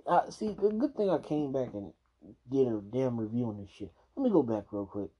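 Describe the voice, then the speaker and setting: Heated, cursing man with a husky voice. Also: medium pitch, very animated, fairly quick, warm tone. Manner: heated, profane ranting with restarts. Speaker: video reactor. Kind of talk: casual reaction commentary.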